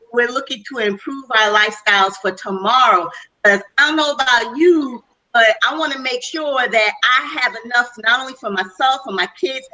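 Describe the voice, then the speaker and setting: A woman's voice: fairly high pitch, bright, forceful tone, rough recording. A middle-aged woman giving an enthusiastic, chatty testimonial as a speaker on a webinar panel call.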